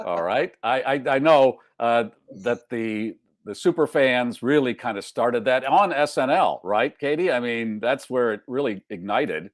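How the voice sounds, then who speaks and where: A man's voice: medium pitch, expressive, a little slow, hardly any pauses, dry recording, studio quality. An older man from Chicago hosting a casual interview, joking and conversational. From South Side of Chicago. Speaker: host.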